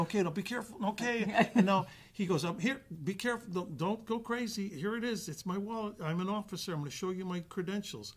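A man telling a guest anecdote in an animated way, acting out the voices of the other people with frequent restarts. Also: sits high, fast talker, few pauses. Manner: acts out quoted dialogue with restarts. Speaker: actor guest.

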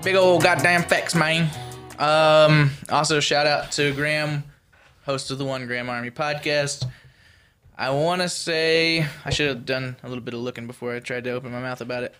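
A man's voice: on the high side, fairly even intonation, normal speed, a bit bright. Man, podcast co-host, casual, profane, joking, faint music underneath.

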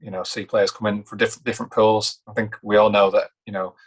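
A man in a casual football chat, speaking in a measured, hesitant way. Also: on the low side, little pitch movement, breathy edge. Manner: measured, hesitant, many fillers and restarts. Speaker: podcast co-host.

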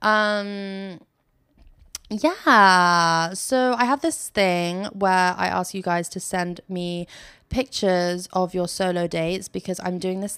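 A woman's voice: mid-range voice, fairly bright tone, clean tone, no echo. A young British woman hosting a casual solo podcast, telling stories in a chatty, giggly way and swearing freely. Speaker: podcast host.

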